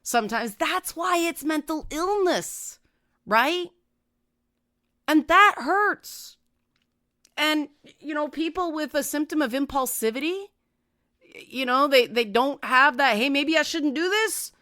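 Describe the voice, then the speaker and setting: A woman's voice: takes it slowly, long pauses, sharp tone. A woman hosting a talk show, giving direct, conversational advice and often tagging her points with a questioning "right?". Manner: acts out quoted voices with raised pitch. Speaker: podcast host.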